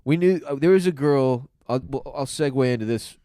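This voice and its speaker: A man's voice: medium pitch, brisk, no room sound, studio quality. A young man on a podcast, trading wry jokes and telling crude stories in casual banter. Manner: wry, deadpan gross-out storyteller. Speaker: podcast guest.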